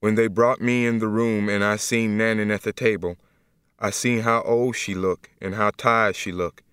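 A man reading an audiobook as a humble, gentle young man in jail, speaking slowly and earnestly in plain dialect. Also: on the low side, fairly even intonation, clear, resonant tone, no room sound, studio quality, lightly acted. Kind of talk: audiobook first-person reading.

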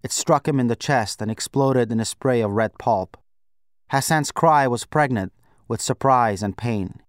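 A man narrating a novel in the first person, in a measured, reflective way. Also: medium pitch, clean tone, no echo, clean studio sound. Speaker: audiobook narrator. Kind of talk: scripted narration.

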